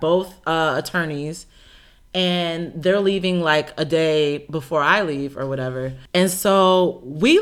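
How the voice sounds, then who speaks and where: A woman casually telling a story, animated and laughing often as she acts out what people said. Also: lowish voice. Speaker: storyteller recounting a solo trip. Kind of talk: casual chat.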